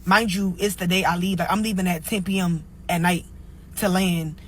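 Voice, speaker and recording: A woman's voice: on the low side, level tone, normal speed, a little hiss or hum, low-quality recording. A young woman, a single mother, telling a story casually and filling her talk with "like" and "or whatever". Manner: chatty, lots of "like" and "or whatever". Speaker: storyteller in a clip.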